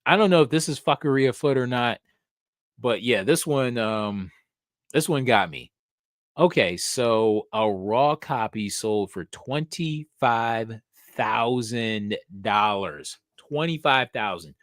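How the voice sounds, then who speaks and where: A man hosting a casual live stream, thinking aloud, swearing casually and getting excited. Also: medium pitch, takes it slowly, dry recording, studio quality. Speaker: host of a comic book live show.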